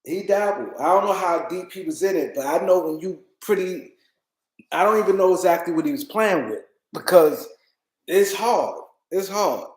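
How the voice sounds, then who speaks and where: A man's voice: sits high, expressive, normal speed, roomy sound, poor audio. A tired man hosting a casual livestream, rambling and repeating himself as he talks to his chat. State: tired, yawning. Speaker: livestream host.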